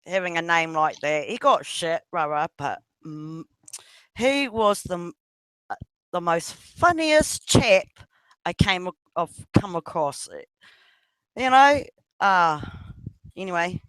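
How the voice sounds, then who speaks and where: A woman's voice: fairly low pitch, fairly bright tone, dry recording. A woman with a New Zealand accent rambling through a casual voice chat. She swears freely and laughs often, her voice swooping up and down as she unhurriedly drifts from story to story. The sound is close and dry.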